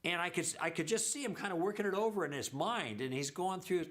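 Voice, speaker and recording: A man's voice: sits high, fast, fairly bright tone. A middle-aged man teaching a church lesson, telling stories and acting out the dialogue as he goes. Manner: anecdotal, acts out quoted dialogue.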